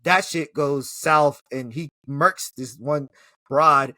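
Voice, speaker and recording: Hyped up guy retelling a movie, kinda high voice, lots of slang and cussing, dry close sound. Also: slow pace, no room sound. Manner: excitable, slangy, profane storytelling with laughs. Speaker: movie reviewer. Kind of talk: casual film recap chat.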